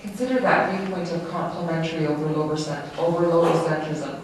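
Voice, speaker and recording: An interpreter voicing a lecture live, in a halting, self-correcting way. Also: medium pitch. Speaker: sign language interpreter. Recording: very echoey room, distant mic, faint noise.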